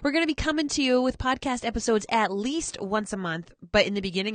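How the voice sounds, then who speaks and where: A woman's voice: on the high side, fast talker, no room sound. A woman co-hosting a podcast, playful and reassuring in casual chat. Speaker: podcast co-host.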